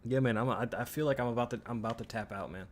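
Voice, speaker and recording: Speaking very fast in a mid-range voice, this man vents his frustration while streaming a video game. His live gameplay commentary is an exasperated rant packed with swearing, full of repetition and sentences that trail off and restart.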